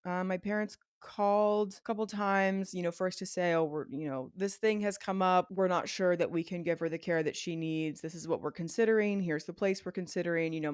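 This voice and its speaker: A young woman from Virginia, talking candidly on her own podcast, chatty and emotional, swinging between excitement and tears. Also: fairly low pitch, no echo, studio quality. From Virginia, USA. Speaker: podcast host. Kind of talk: solo stream-of-consciousness podcast chat.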